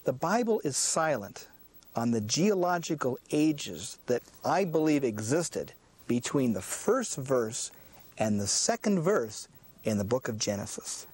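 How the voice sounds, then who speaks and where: A man's voice: mid-range voice, big pitch swings, a little slow, a little mellow, slightly rough. A man preaching a sermon, often saying "listen" and posing questions he answers himself. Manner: emphatic, repeats "listen" to drive points home; asks rhetorical questions and answers them.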